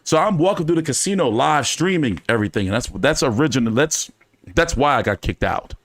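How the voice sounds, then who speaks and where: A man hosting a casual fan chat, telling stories in an animated, profane way with many fillers. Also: medium pitch, a little fast, no room sound. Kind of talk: casual storytelling to a live chat.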